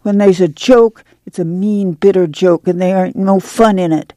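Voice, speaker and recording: A woman voicing a weary, steady migrant mother who talks in a soft rural dialect. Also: mid-range voice, moderate pace, no echo, studio quality, close to an everyday voice. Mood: soothing, weary. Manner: soothing, firm, rural dialect. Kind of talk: dramatic book reading.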